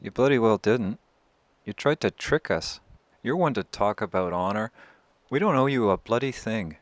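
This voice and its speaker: A man's voice: fairly low pitch, lively intonation, normal speed, no echo, lightly acted. A man voicing a shrewd, confident war chief who scolds and bargains bluntly. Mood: firm, blunt.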